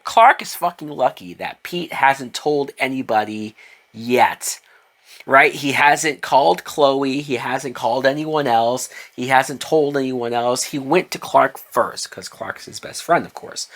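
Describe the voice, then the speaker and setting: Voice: medium pitch, fairly bright tone. A reviewer gives a casual recap of a TV episode, chatty and swearing often, briefly acting out the characters' lines. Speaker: TV show reviewer.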